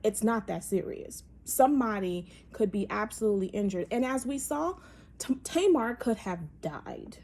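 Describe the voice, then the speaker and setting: A woman's voice: a little high, expressive, moderate pace, darkish tone. A woman hosting a casual opinion monologue, talking emphatically and animatedly, with many fillers and restarts. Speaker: podcast host.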